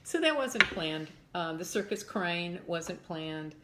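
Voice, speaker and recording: An older woman, a mother, reminiscing in an interview with lively storytelling that acts out voices. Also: fairly low pitch, slow, heavy background noise. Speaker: mother of a former child actor. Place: home in Texas.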